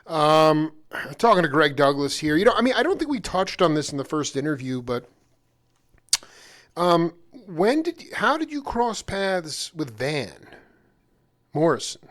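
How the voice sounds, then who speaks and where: A man hosting a casual interview, rambling with lots of fillers and excited interjections. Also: on the high side, measured pace. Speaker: interview host.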